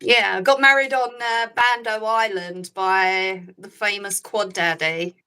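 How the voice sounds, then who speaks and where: A woman's voice: medium pitch, fairly even intonation, measured pace, bright, forceful tone, clear, resonant tone, rough recording. A young woman with an English accent talks casually as a podcast guest. Her speech is chatty, full of fillers and restarts. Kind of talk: casual chat.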